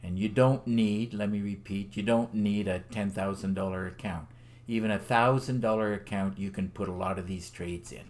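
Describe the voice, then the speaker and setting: A man's voice: on the low side, steady tone, moderate pace, darkish tone. A middle-aged man walking through his trades on screen, rambling with fillers and getting enthusiastic over his wins. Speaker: forex trader selling a trading system. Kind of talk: screen-recorded trading walkthrough.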